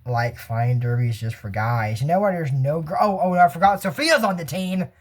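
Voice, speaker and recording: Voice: medium pitch, animated, moderate pace. Casual YouTube reviewer from the US, chatty and rambling, wanders off-topic, frequent chuckles, unscripted. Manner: rambling, goes off on tangents, chuckles often. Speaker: YouTuber reviewing a cartoon episode. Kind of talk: casual commentary.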